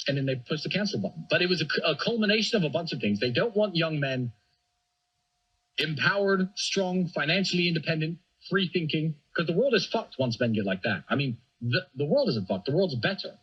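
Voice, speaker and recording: A man speaks as a guest on a casual podcast, with a husky, slightly high voice. His pitch swings a lot as he tells his side in an emphatic, animated way. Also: brisk, dull audio. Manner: emphatic, animated storytelling with acted quotes. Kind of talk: casual chat.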